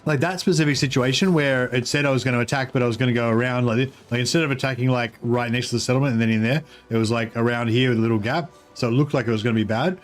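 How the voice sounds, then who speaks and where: A man giving casual, rambling commentary on his strategy game livestream, halting and talking while eating. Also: medium pitch, faint music behind. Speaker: streamer.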